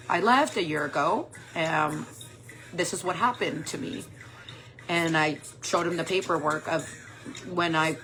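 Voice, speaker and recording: Low-voiced woman in her forties, rambling. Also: fairly bright tone, a little hiss or hum. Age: 40s. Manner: rambling, candid, heavy use of "like" and "um". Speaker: makeup vlogger. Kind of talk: casual personal storytelling.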